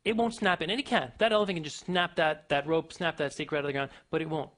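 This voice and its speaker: A man giving a motivational talk to an audience, emphatic and full of rhetorical questions, swinging his pitch and loudness. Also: fairly even intonation, quick pace. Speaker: motivational speaker.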